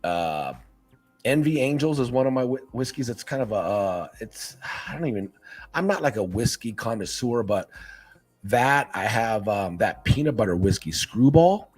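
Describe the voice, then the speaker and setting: A man's voice: expressive, moderate pace, a little mellow, husky, faint music behind. A man talking casually as a guest on a podcast, laid-back and often saying "man". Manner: laid-back, says "man" a lot, acts out quotes with a jump in pitch. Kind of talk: casual chat.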